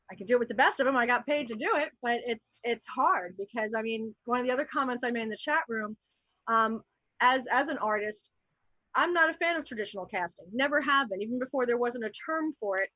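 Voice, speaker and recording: A woman's voice: on the high side, a little fast, sharp tone, no room sound, muffled recording. A woman from New Jersey, an actor and improv performer, talking candidly and animatedly in a casual panel chat, with fillers as she thinks aloud. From New Jersey, USA.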